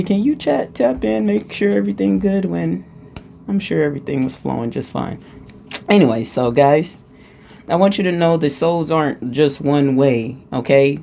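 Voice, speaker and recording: A woman giving a casual channeled spiritual talk, playful and chatty, who often checks in with her listeners and at times eases into a hushed, calming voice. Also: low voice, a little hiss or hum. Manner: playful, chatty, asks "you get what I'm saying".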